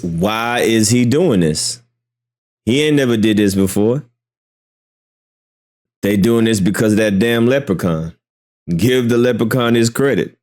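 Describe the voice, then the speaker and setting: A man's voice: on the low side, a little mellow. A man hosting reaction commentary, ranting in exasperated disbelief with lots of slang. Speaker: commentary host reacting to a stream.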